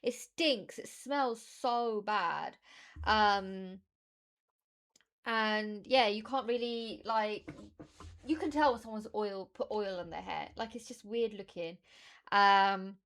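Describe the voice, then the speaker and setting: A woman's voice: medium pitch, slow, fairly bright tone. Chatty British woman streamer. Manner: chatty, rambling, self-deprecating. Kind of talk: casual livestream chat.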